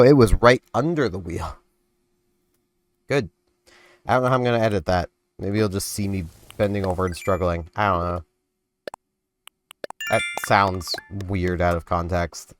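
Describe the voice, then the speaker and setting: A man casually rambling while commenting on his gameplay, his voice hoarse and not yet warmed up. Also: sits low. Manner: rambling, chatty, self-deprecating. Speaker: gaming video host. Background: game music.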